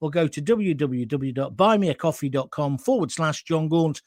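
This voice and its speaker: Impassioned man with lively pitch. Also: normal speed, no echo, clean studio sound. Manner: indignant and emotional, addressing viewers directly. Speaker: host of his own live show. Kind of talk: impassioned live-stream commentary.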